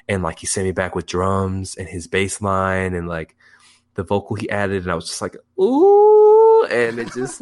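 A young man telling a story as a guest in a casual interview, rambling and excitable, full of fillers. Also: low-pitched. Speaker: music producer guest.

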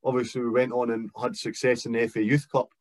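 Man, Scottish accent, thirties, reflective, careful pace, dry, medium pitch. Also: level tone, no echo. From Scotland. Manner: reflective, slow and careful with many fillers. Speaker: guest footballer. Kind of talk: casual chat.

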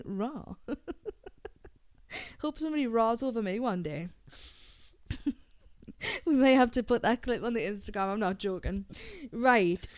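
A bubbly woman chats as a podcast co-host, laughing often and swearing freely. Her voice sits on the high side and sounds dry and close. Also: expressive, takes it slowly, long pauses, a little mellow, no echo. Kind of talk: casual chat.

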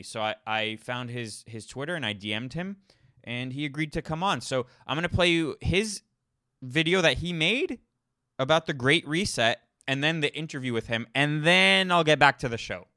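A man's voice: medium pitch, bright, forceful tone, no room sound, clean studio sound. A man hosting his own podcast, talking casually in a rambling way, often restarting and repeating words. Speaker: podcast host. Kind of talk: casual solo monologue.

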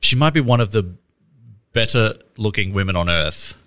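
A man's voice: lowish voice, expressive, moderate pace, a bit bright. A man, chatting casually about a trailer, swearing freely and laughing often. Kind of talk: casual chat reviewing a trailer.

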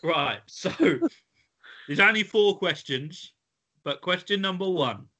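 A man's voice: high voice, animated, slow pace, bright, forceful tone. A man hosting a podcast quiz in casual chat, playful and giggly, often tripping over his words. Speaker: podcast host running a quiz.

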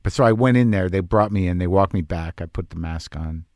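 A man's voice: low voice, fairly quick, darkish tone, dry recording. A man telling a personal story in a candid, conversational monologue, emotional and close to tears.

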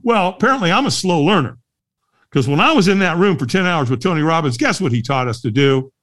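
A middle-aged man spins a story as an interview guest. His fairly high voice rises and falls a great deal. He laughs often along the way. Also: brisk. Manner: lively, laughs often, acts out the voices of others. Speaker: guest, firewalk instructor. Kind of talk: animated storytelling in a podcast interview.

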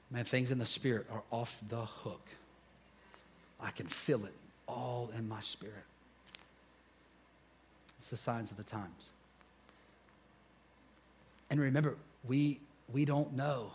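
A man preaching a sermon, telling his story with animated energy and dropping to a hushed intensity. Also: medium pitch, breathy edge.

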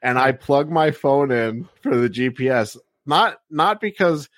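A man's voice: mid-range voice, lively intonation, unhurried, a bit bright. A man hosting a podcast, talking in an easygoing, rambling way with plenty of fillers. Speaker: podcast host. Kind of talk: casual chat.

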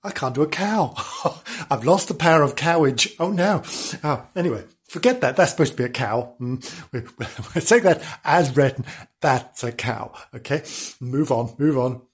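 A man's voice: medium pitch, lively intonation, normal speed, husky. Giggly, playful male storyteller. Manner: playful, giggly, asides to listeners. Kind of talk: improvised comic storytelling.

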